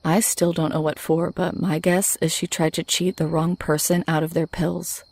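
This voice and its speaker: A woman narrating a horror story in the first person, in a measured, low-key way. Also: flat delivery, a little mellow, no echo.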